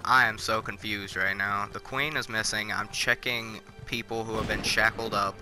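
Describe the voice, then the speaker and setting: A man's voice: fairly low pitch, fairly even intonation, moderate pace, pushed and bright, low-quality recording. A man giving casual let's-play commentary, confused and blunt, swearing freely. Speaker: gamer, let's-play host. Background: faint game music.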